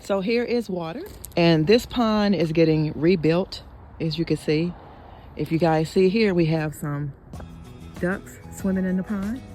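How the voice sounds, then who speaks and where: Woman, excitable walking vlogger, mellow tone, soft music under. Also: fairly low pitch, unhurried. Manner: chatty and excitable, keeps calling out to viewers. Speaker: lifestyle vlogger. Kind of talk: casual outdoor walking vlog. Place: outdoor park trail by a pond.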